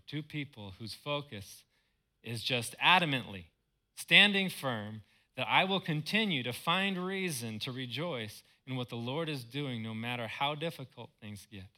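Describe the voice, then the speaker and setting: A man's voice: medium pitch, lively intonation, measured pace, pushed and bright. A man, a pastor, preaching a sermon in earnest, repeating words for emphasis.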